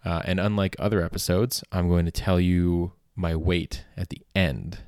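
A man's voice: low-pitched, steady tone, moderate pace, darkish tone, no echo, studio quality. A man hosting a comedy podcast, rambling through a monologue full of filler words and restarts. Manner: rambling, heavy on filler words and self-corrections. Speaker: podcast host.

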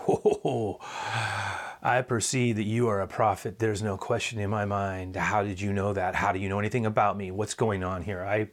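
A man's voice: lowish voice, level tone, normal speed, close to an everyday voice. A man preacher voicing a flustered, evasive Samaritan woman who stammers and repeats herself. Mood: amazed.

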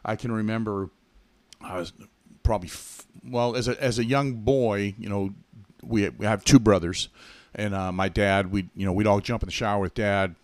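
Fairly low in pitch and a little mellow, this man's voice keeps a fairly even intonation at a moderate pace, captured in a dry recording. He's a middle-aged Massachusetts native and podcast co-host, rambling chattily through his childhood in an interview, with frequent self-corrections and asides.

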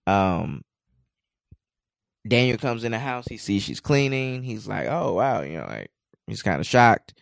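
A gravelly, lowish male voice with big pitch swings speaks a little slowly and pauses often, in clean studio sound with no echo. As a podcast co-host, he casually recaps an episode, rambling and leaning heavily on "you know."

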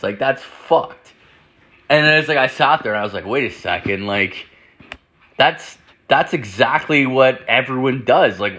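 A man's voice: medium pitch, lively intonation, normal speed, bright, forceful tone. A young man hosting a podcast, telling a rambling story full of swearing and "like" fillers. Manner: profane, rambling, heavy on "like" fillers. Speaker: podcast host. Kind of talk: casual storytelling.

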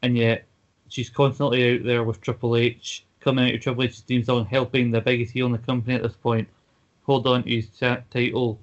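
A man co-hosting a casual podcast, ranting quickly with many fillers. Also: mid-range voice, little pitch movement. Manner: fast, filler-heavy ranting. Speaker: podcast co-host. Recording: dull lo-fi podcast audio.

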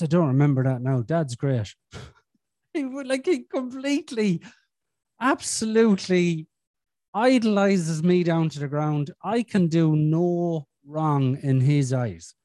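A man's voice: high-pitched, lively intonation, unhurried, a little mellow, dry recording, studio quality. A man, telling stories about his kids in casual podcast chat, swearing freely and acting out quoted voices. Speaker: podcast guest, father. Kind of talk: casual conversational storytelling.

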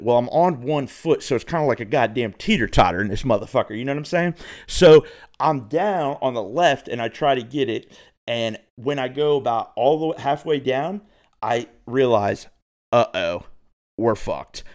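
A man's voice: medium pitch, dry recording, studio quality. A young man telling a rambling, profane story to his viewers in a casual way. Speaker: vlogger.

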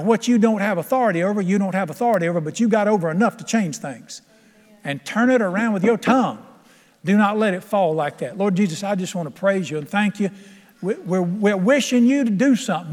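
Folksy preacher in a reverberant church. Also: male voice, high-pitched. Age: older. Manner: folksy, emphatic preaching with laughter. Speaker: pastor. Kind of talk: sermon. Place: church sanctuary. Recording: long hall reverb.

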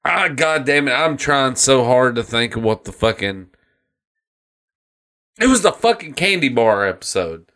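Profane man retelling cartoon scenes. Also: mid-range voice. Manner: profane, animated retelling of cartoon scenes with quick put-on voices. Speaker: podcast co-host. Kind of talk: casual chat.

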